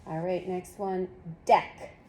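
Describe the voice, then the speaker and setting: Woman phonics tutor: patient, encouraging, mid-pitched and instructive. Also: moderate pace, darkish tone, slight background noise. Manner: patient, encouraging, gives step-by-step prompts. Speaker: reading tutor. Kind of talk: one-on-one phonics lesson.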